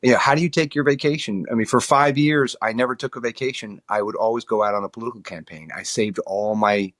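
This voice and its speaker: Man, middle-aged, from New York, earnest, restarts often, mid pitch, dry close mic. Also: fast talker, a bit bright, no room sound. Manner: earnest, repeats words while thinking. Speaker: guest, political consultant. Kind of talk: conversational interview.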